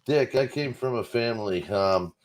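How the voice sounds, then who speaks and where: A man's voice: medium pitch, moderate pace, no echo. A man telling a rambling, profane comic story on a casual talk show. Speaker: guest comedian.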